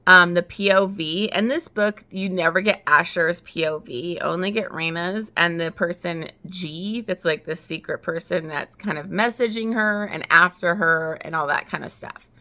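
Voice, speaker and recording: Bright-voiced chatty woman vlogger. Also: fairly low pitch, moderate pace, few pauses. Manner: chatty, lots of likes and ums. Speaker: book vlogger. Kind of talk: casual book recap. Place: at home getting ready for work.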